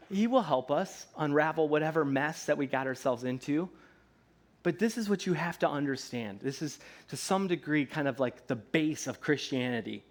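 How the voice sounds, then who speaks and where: A man, likely in his thirties, preaching a sermon in a church in a relaxed, conversational way, often checking in with "right?" and slipping into playful voices. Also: a little high, moderate pace. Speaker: pastor. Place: church sanctuary.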